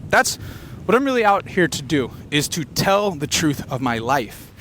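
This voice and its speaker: A man doing an unfiltered stream-of-consciousness comedy monologue, rambling and fast-talking with quick tangents. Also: fairly high pitch, sing-song, fairly bright tone, slight background noise. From Filipino heritage. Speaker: comedian podcaster. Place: beach location outdoors.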